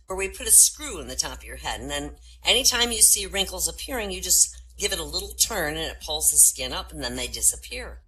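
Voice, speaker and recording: A woman voicing a matter-of-fact male doctor who explains things calmly. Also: low voice, brisk, few pauses, slight background noise, heavily acted, low-quality recording. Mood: explaining.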